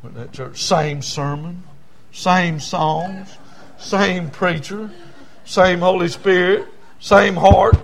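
Middle-aged pastor, gravelly and high-voiced, preaching a testimony sermon. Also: male voice, fairly even intonation, slow pace. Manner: swings from loud pleading to low hushed tones.

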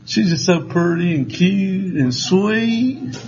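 An older man with a drawl preaches to his congregation, spinning folksy, joking stories. His voice sits high for a man, and the recording sounds a little dull and muffled. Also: animated, slow, gravelly, a little mellow, faint music behind. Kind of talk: sermon.

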